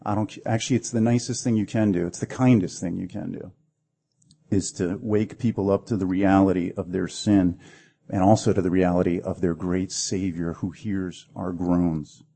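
A man's voice: deep voice, steady tone, normal speed, creaky, mellow, slightly rough. A man preaching a sermon with dramatic delivery, acting out the voices in the stories he tells. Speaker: pastor.

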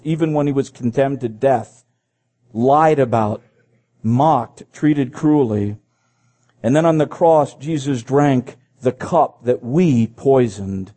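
A man's voice: fairly high pitch, mellow. A man preaching a sermon. He reads scripture aloud and breaks in with his own comments, repeating phrases as he goes.

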